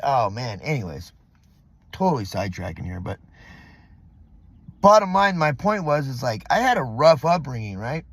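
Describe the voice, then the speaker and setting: A man's voice: medium pitch, very animated, moderate pace, long pauses, husky, no echo. A middle-aged man from Southern California, venting in a rambling, profane vlog monologue full of fillers, recorded in a parking lot. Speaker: vlogger.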